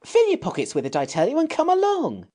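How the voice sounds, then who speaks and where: A man's voice: very high-pitched, huge pitch swings, quick pace, warm tone, pitched above the performer's own voice, heavily acted. A man voicing a bossy, impatient young boy in a storybook reading, with a raised, pushy delivery. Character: bossy practical boy, eldest brother.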